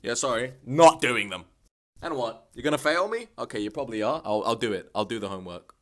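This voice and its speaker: A young man vlogging comic rants, swearing constantly and bursting into exasperated shouts. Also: medium pitch, lively intonation, a little fast. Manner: profane, exasperated ranting with sudden shouts. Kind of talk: comedic rant vlog.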